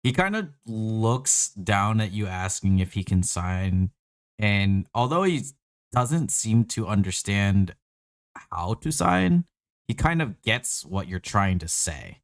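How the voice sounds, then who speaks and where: A man's voice: lowish voice, big pitch swings, slow pace, no room sound, studio quality. A man narrating a tabletop game as game master, often laughing between lines.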